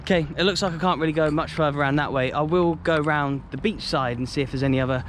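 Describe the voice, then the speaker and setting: Young british man, upbeat walking vlog, slightly high voice, street noise behind. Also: fast. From United Kingdom. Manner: chatty, enthusiastic, jokey asides. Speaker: football travel vlogger. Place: outdoors by a stadium in a city.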